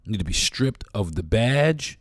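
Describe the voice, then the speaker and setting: A man with a very deep voice talking straight into the mic on his own podcast. He speaks bluntly and with passion, swearing freely. The sound is dry and close, with no room around it. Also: very animated, moderate pace, husky, no room sound. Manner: blunt, profane and impassioned. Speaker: podcast host. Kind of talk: solo podcast monologue.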